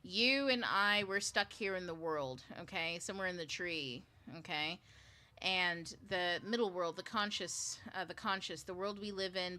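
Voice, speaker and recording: A woman's voice: lowish voice, bright, forceful tone, a little hiss or hum. A woman hosting a book club, explaining spiritual ideas in a loose, chatty way, full of fillers and the odd swear word. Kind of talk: casual spiritual teaching talk.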